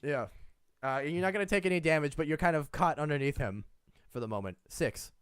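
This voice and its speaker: A man's voice: on the high side, expressive, fairly quick, clear, resonant tone, dry recording, clean studio sound. A man narrating a tabletop game as game master, chatty with frequent laughs and fillers.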